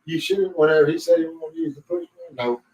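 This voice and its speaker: A man's voice: a little high, fast talker, echoey room, recorded from a distance, a crowd in the background, rough recording. A man on a casual podcast who jumps in with jokes and teasing nicknames. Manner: jokey interjections, teasing nicknames. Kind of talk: casual chat banter.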